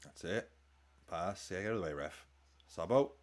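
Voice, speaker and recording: A man hosting a football watchalong, chatting excitably and swearing as he reacts live to the game and his chat. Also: low-pitched, normal speed. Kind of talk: live match commentary and chat.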